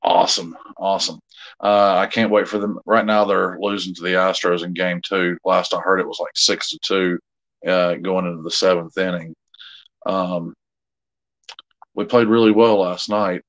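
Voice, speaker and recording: A man's voice: deep voice, flat delivery, moderate pace, a bit bright, dull audio. A middle-aged man, chatting casually with viewers as co-host of a live jewelry sale, rambling and easygoing with many fillers.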